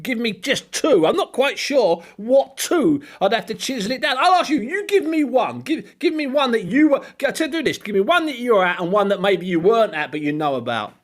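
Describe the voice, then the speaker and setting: A man, co-hosting a casual chat and telling stories with animated laughter. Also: very high-pitched, a little fast, few pauses. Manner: animated storyteller, laughs often. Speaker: podcast co-host.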